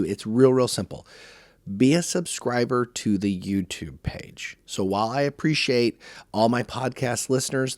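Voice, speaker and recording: Low-voiced folksy American podcast host. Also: male voice, darkish tone, no room sound. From United States. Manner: folksy and chatty, says y'all. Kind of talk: casual podcast monologue.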